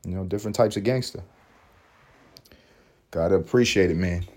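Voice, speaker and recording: A man's voice: low-pitched, moderate pace, darkish tone. A man hosting a podcast, delivering a casual comedic monologue as a profane, rambling rant with laughing asides. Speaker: podcast host.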